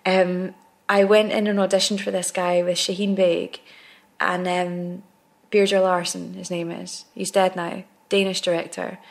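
A woman's voice: fairly low pitch, little pitch movement, unhurried, vocal fry. A woman actress, a podcast guest, telling candid stories in casual conversation with frequent restarts.

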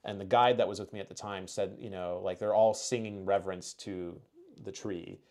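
A man from Kentucky, hosting a casual podcast chat. His voice sits on the lower side. He rambles, circling back through uh and like as he thinks aloud. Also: fairly even intonation, normal speed, a little mellow. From United States (Kentucky). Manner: rambling, lots of filler words. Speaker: podcast host.

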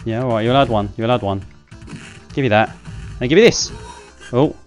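Male host, casual let's-play commentary, self-deprecating, mid-pitched, faint game music behind. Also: a little fast. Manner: chatty, self-mocking, excitable outbursts. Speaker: gaming channel host.

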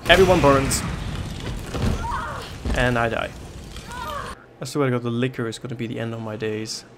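Gravelly guy freaking out over a horror game, keeps swearing and repeating himself, faint hiss behind him. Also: mid-range voice, moderate pace. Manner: panicky, swearing, repeating himself under stress. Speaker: gaming YouTuber. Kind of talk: horror game let's play commentary.

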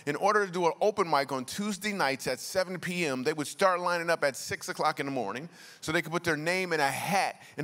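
A man, a comedian appearing as a guest speaker, tells funny stories to a church congregation in a loose, slangy, conversational style. His voice is on the high side, bright and forceful, and the large church auditorium adds a long reverb.

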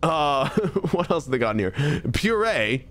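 A man's voice: a little high, very animated, slow, a bit bright. A young man streaming a horror game, chatting and joking to himself as he plays. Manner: chatty, jokey, talks to himself. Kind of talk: live gameplay commentary.

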